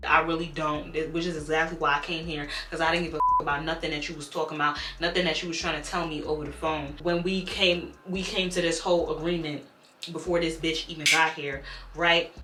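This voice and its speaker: A young woman telling a storytime on her vlog, animated and blunt, swearing freely. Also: low voice, fairly quick, reverberant, noisy background.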